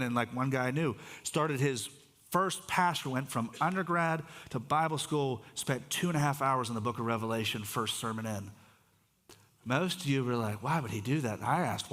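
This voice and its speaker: A man's voice: mid-range voice, fairly bright tone, big-room sound. A man who is a pastor, giving a conversational sermon in a church and putting questions to the congregation. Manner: conversational, restarts phrases, asks the congregation questions. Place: church sanctuary.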